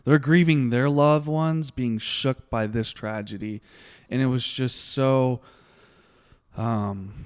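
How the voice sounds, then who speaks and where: A young man with a smooth, resonant voice at a middling pitch tells a raw personal story as an interview guest. He talks haltingly, restarting lines and searching for words. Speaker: guest, former hotshot firefighter.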